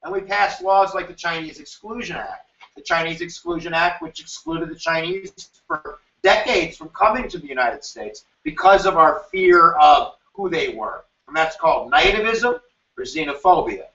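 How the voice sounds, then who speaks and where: Lively man teaching history in a roomy space. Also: sits high, normal speed, vocal fry. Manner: animated, jokey, acts out quoted voices. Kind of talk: exam review lecture. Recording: roomy, distant, dull sound.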